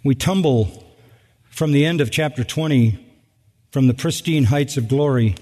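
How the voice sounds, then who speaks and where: A man preaching a sermon as pastor, animated, acting out quoted voices with big jumps in pitch and sarcastic emphasis. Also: unhurried, long reverb tail.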